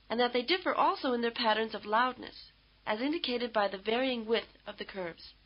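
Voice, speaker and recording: A woman giving scripted instructional narration for a language course, in a measured, explanatory way. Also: on the high side. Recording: dull lo-fi tape audio.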